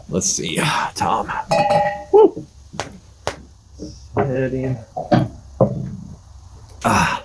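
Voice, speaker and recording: Folksy older man chatting on a porch. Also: on the low side. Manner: folksy, rambling, self-deprecating. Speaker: podcast host. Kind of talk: casual chat to camera. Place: front porch by a fire, outdoors. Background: fire crackling, passing cars.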